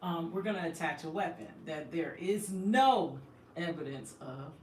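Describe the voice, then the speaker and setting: A woman's voice: sits low, expressive, a little slow. Impassioned woman, echoey and far off. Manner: emphatic, impassioned, indignant. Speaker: host. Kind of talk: emotional personal storytelling. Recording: echoey room, distant from the mic, faint background noise.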